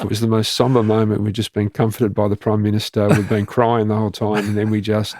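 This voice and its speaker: A man's voice: lowish voice, little pitch movement, fast, mellow, dry recording, clean studio sound. A man in his fifties with an Australian accent, a former police commander telling frank stories in a plain-spoken conversational way. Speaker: retired police commander and guest. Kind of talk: candid conversational storytelling.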